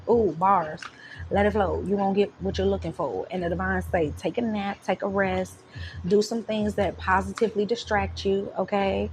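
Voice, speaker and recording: A woman's voice: medium pitch, fairly even intonation, a little slow, pauses often, darkish tone, slight background noise, rough recording. A woman giving a casual tarot reading to her viewers, chatty and playful, often laughing and speaking in an affirming tone. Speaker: tarot reader.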